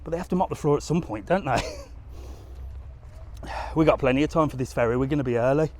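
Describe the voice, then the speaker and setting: Speaking fairly quickly in a mid-range, darkish voice, a travel vlogger walks along a harbour during a live stream. He keeps the chat casual, wandering through stories and laughing frequently.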